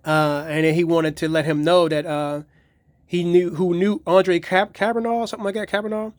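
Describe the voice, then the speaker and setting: Profane, rambling man with a high voice. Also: fairly even intonation, moderate pace, no room sound. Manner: profane, rambling retelling of episodes. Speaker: collector reviewing his DVD collection. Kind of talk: casual video review.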